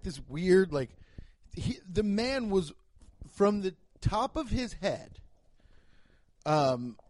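A young man, sounding a little mellow, rambles through a casual, profane podcast monologue as a comedian. He tells jokey stories, and his pitch jumps suddenly.

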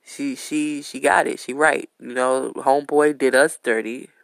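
A woman hosting a podcast, telling a story in a casual, blunt way with heavy swearing and lively retelling. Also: extremely low pitch, a little slow, creaky, dry recording. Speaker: podcast host.

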